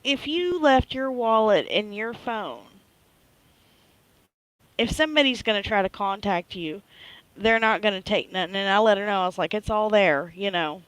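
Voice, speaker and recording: A woman's voice: mid-range voice, dry recording, rough recording. A middle-aged woman, hosting a live stream and chatting casually as she retells a story, often checking in with listeners. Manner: chatty, animated retelling with frequent "right?".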